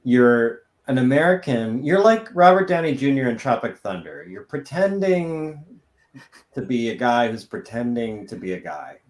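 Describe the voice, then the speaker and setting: A man's voice: medium pitch, lively intonation, normal speed. A man chatting casually with friends on a livestream, thinking aloud with lots of fillers. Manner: rambling, thinks aloud with many likes. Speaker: livestream host. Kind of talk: casual chat. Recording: echoey room.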